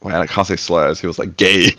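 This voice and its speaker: A man in his twenties chatting casually, telling animated stories and acting out the people in them. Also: deep voice, fast, no echo. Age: 20s. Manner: animated storytelling, acts out quotes. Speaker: podcast guest. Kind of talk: casual chat.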